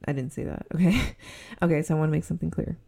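Low, gravelly Southern Californian woman. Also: steady tone, quick pace, dark tone. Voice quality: says her voice sounds snobby. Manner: rambling, giggly, lots of fillers. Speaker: podcast host. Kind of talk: casual solo podcast chat. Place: indoors at home with a heater on.

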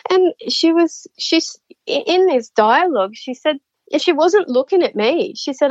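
A woman, a nurse, chatting as a guest and telling her stories in a lively way, laughing often and acting out what people said. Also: high voice, measured pace, no echo. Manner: animated, laughs often, acts out quotes. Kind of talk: casual storytelling chat. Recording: slightly dull lo-fi audio.

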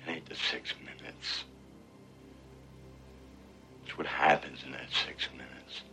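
An actor playing a weary middle-aged working man, speaking in a low, gravelly, earnest drawl, heard as a clip from a film. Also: steady tone, slow, pushed and bright, heavily acted. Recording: film audio with faint music underneath. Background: faint music.

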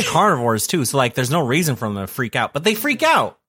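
A young man hosting a casual podcast, recapping an anime episode in an animated, swearing way. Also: mid-range voice, brisk, husky, no echo, studio quality. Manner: animated recap, profanity, laughing.

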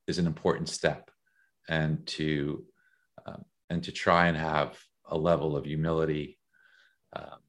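A man speaking as an interview guest, reflective and measured, often pausing with fillers. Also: rumbling low. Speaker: guest, author. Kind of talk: conversational interview.

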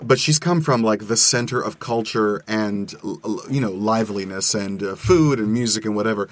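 Excitable low-voiced man on a podcast. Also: normal speed. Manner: enthusiastic, talks with many restarts and fillers. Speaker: podcast guest film critic. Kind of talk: casual podcast chat.

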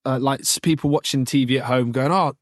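A man's voice: mid-range voice, level tone, fast talker, dry recording. A young man chats loosely about football, full of restarts and laughter. His voice sits in a middle register. The sound is close and dry, with no room behind it. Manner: rambling, jokey, laughs often, many restarts. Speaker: podcast host. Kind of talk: casual football podcast chat.

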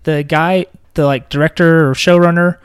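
A relaxed co-host in casual chat, asking questions and sharing trivia. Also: mid-range voice, moderate pace, clean tone, dry recording, studio quality. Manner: relaxed, conversational, asks questions.

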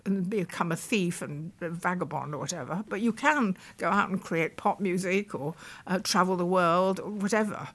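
A veteran British broadcaster in her eighties speaks at normal speed with a fairly low pitch and hardly any pauses. Interviewed about her past, she reflects thoughtfully, often restarting sentences and repeating what people told her.

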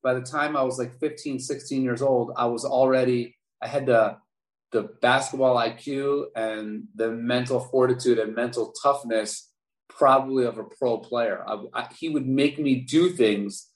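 A man in his forties from Baltimore, telling stories from his youth as a podcast guest, lively and prone to repeating words. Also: mid-range voice, normal speed. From Baltimore, USA. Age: 40s. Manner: animated storyteller, repeats words. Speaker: podcast guest, former basketball player. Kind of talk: interview storytelling. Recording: roomy echo.

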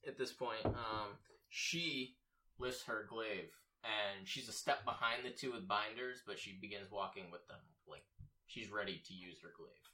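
A man's voice: fairly low pitch, a little slow, pushed and bright, far from the mic, a little hiss or hum, low-quality recording. A man running a tabletop game as game master, explaining scenes step by step.

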